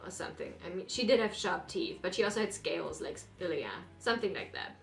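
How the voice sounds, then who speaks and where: A woman's voice: medium pitch, big pitch swings, fast talker, gravelly, hardly any pauses, faint music behind. A woman hosting a reaction video, chatting casually and rambling, with apologetic asides. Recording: roomy echo.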